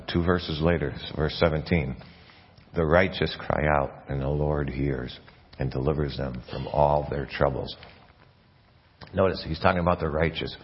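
Deep-voiced pastor preaching in a church. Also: male voice, dull audio, a little hiss or hum. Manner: earnest preaching with frequent restarts and repeated words. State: coughing, something in his mouth. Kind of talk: sermon.

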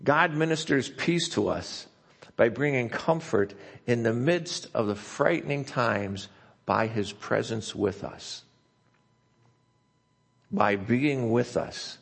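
A pastor preaching a sermon, slowing down and softening as he reads scripture quotes. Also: medium pitch, vocal fry, breathy edge. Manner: reads scripture quotes slowly and softly, asks if he talks too fast.

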